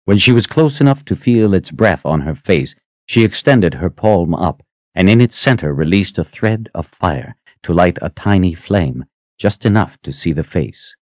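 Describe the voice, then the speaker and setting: A man reading a fantasy audiobook aloud in an expressive, dramatic way. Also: low-pitched, normal speed, no echo. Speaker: audiobook narrator. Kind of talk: scripted fantasy narration. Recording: dry, slightly muffled audio.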